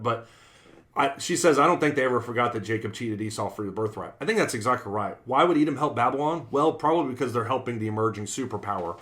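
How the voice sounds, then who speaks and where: A man's voice: medium pitch, fairly bright tone. A man preaching in a conversational Bible class style, earnest, repeating his phrases and acting out quoted sayings.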